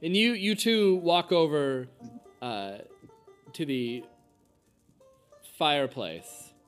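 A man narrating as game master of a tabletop game, halting, with many fillers and restarts. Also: fairly high pitch, clear, resonant tone, faint music behind.

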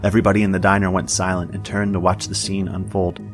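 A man narrating a story in an even, measured audiobook style. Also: deep voice, faint music behind.

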